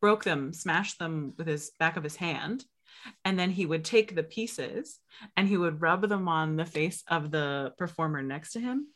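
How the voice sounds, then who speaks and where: Female podcast co-host, lowish voice, slow, giggly storytelling. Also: a bit bright. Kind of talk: casual chat.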